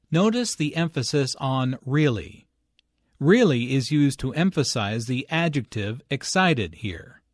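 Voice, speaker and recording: Man with slow, lively teaching delivery. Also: mid-range voice, no room sound, clean studio sound. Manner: slow, clear, careful enunciation. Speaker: language lesson narrator. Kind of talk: scripted lesson narration and dialogue reading.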